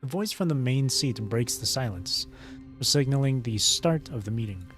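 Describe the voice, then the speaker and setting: A man's voice: medium pitch, animated, normal speed, faint music behind. Man narrating a game's story on stream. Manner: narrates steadily, with small slips and restarts.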